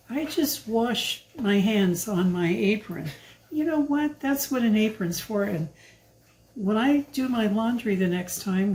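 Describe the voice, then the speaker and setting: A woman's voice: mid-range voice, a little mellow, rough recording. Chatty older woman cooking at home. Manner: chatty, rambling, with fillers and asides. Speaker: home cook filming a recipe video. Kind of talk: casual cooking demonstration. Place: home kitchen.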